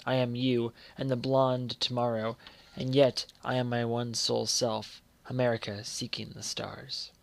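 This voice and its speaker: A man reciting poetry in a measured way, letting the ends of lines fall quiet. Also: medium pitch, flat delivery, gravelly. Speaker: poetry reader.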